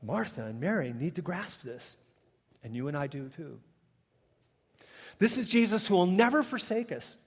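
A man preaching a sermon as a pastor, swinging between loud emphatic peaks and hushed, quiet passages. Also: high-pitched, very animated, normal speed, pauses often, slightly rough, in a large hall. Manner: dynamic preaching, swelling loud then dropping soft.

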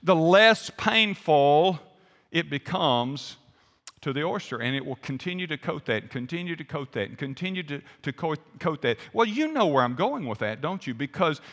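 A man's voice: a little high, big pitch swings, moderate pace, fairly bright tone. A man pastor preaching a conversational sermon, quizzing the congregation. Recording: long hall reverb.

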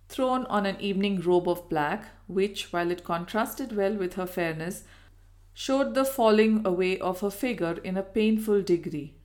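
Woman, audiobook narration, measured, even, classic storytelling. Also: medium pitch. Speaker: audiobook reader. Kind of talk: scripted narration of a Victorian novel.

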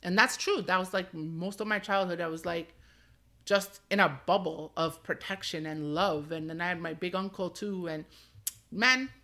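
A woman's voice: on the low side, moderate pace, sharp tone. A woman from Canada, probably in her thirties, hosting her own podcast in a candid, rambling way, laughing often and filling with "like". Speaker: podcast host. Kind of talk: casual solo podcast talk.

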